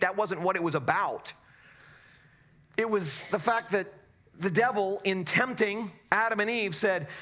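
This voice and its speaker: A middle-aged man preaches from a church pulpit with a bright, forceful tone sitting a little high for a man. He drops to quiet asides, then climbs into loud, impassioned exhortation. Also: husky. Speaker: pastor. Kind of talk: sermon.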